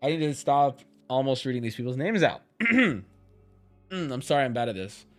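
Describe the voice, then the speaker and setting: Man, streamer, casual live-stream chat, joking, lively pitch, shouts at rares, faint background music. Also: moderate pace. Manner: joking, shouts at rare cards. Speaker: streamer opening card packs.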